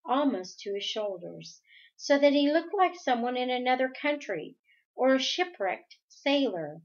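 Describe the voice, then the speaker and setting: Slow, careful woman reading a novel aloud. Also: mid-range voice, dull audio. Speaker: audiobook reader.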